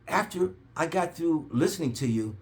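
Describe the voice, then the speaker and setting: A man telling an animated story, his pitch rising and falling widely. He speaks in a repetitive, preacher-like cadence. He acts out the other people in his story with sudden high, loud bursts. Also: normal speed. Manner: acts out quoted voices with big pitch jumps. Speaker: herbal oil seller.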